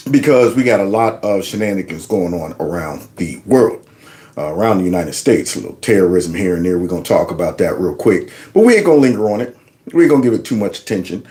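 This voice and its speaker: A man's voice: on the low side, a little mellow. Man, livestream host, casual, joking, folksy. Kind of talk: casual live commentary.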